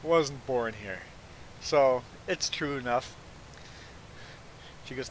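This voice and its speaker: A man's voice: mid-range voice, moderate pace, pauses often, a little hiss or hum, rough recording. A man from Belize, a game streamer, telling a story in casual chat and stammering on his repeated "I"s. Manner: animated, stammers on repeated "I"s, acts out the people he quotes. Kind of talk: casual storytelling while livestreaming a farming game.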